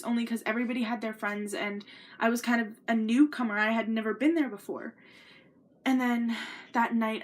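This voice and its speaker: Earnest young woman vlogger, slightly high voice. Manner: earnest, rambling with many ums and restarts. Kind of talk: sit-down personal story vlog.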